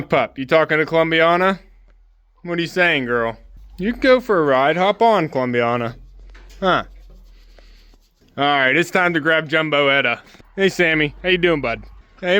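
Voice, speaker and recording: A man's voice: a little high, clean tone, no echo. A man on a homestead talking casually and soothingly to his chickens and dog in the coop on a winter day. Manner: gentle, coaxing, soothing talk to animals. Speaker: homesteader vlogger.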